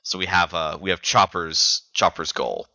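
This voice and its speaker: A man's voice: low voice, moderate pace, bright, forceful tone, dry recording, dull audio. A man co-hosting a podcast, casually recapping chapters in a rambling way with lots of fillers and restarts. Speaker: podcast co-host.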